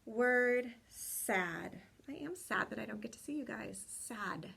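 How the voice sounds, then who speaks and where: A young woman teaching kindergarten children remotely, talking slowly and clearly, repeating words and cheering them on. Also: on the high side, expressive, fairly bright tone, slight background noise. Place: home room with a window.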